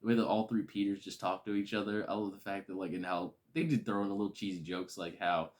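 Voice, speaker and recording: A man casually reviewing a film, excitable and gushing, with slangy, enthusiastic speech. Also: lowish voice, quick pace.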